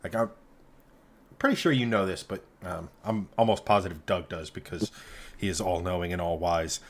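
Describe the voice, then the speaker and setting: A man with a fairly low voice co-hosts a chatty car podcast while sick, so his voice sounds a little rough. He rambles and hesitates, restarting sentences and trailing off, then rushes ahead in quick bursts. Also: a bit bright. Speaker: podcast co-host. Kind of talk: casual chat.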